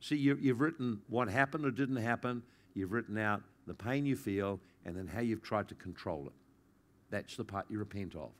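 Delivering a sermon at a moderate pace, a man sounds earnest and pastoral. His delivery swells in intensity at moments before falling back to a soft, low tone.

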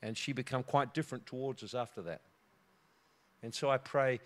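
A man's voice: mid-range voice, steady tone, moderate pace, long pauses. A middle-aged man preaching a sermon, telling a personal story with frequent laughter and repeated words.

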